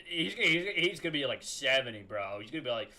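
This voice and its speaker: A man's voice: mid-range voice, big pitch swings, a little fast, bright, forceful tone. A man casually commenting on a game as he plays, blunt, profane and joking. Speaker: streamer reacting to a game.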